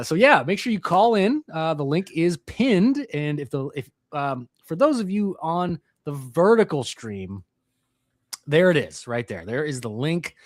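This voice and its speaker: A man's voice: on the high side, dry recording, clean studio sound. A man hosting a live call-in political talk show, joking and mocking with a co-host. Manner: laughing, mocking, lively delivery.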